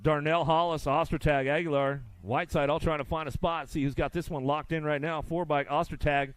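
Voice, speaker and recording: A man calling a live race, running through riders' names in quick play-by-play and tossing in joking asides. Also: fairly high pitch, steady tone, clean tone, no room sound. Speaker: race announcer. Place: outdoor race track.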